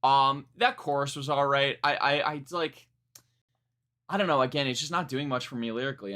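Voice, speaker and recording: A man's voice: medium pitch, moderate pace, bright, forceful tone. A young man reacting live to a new song, talking casually, rambling and correcting himself, frank and a bit profane. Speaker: music reaction streamer.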